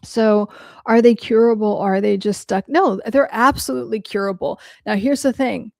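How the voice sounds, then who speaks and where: Woman with a gravelly, creaky voice doing a casual mental health podcast, blunt, swears a lot, dry close sound. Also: fairly high pitch, fairly even intonation, moderate pace, no echo. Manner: blunt and frank, swears casually, heavy use of "like". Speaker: mental health podcast host who works with clients. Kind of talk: casual podcast talk answering listener questions.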